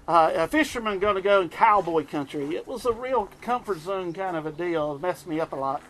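High-voiced storytelling male preacher. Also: fairly quick, slight background noise. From US East Coast. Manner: storytelling, animated, chuckles often. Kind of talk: sermon.

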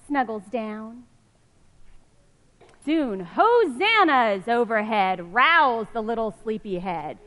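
A woman reads a children's picture book aloud to a congregation. She takes it slowly, in a gentle, sing-song lilt and a fairly high voice. A long church-hall reverb trails after each phrase. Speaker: children's story reader at a church service.

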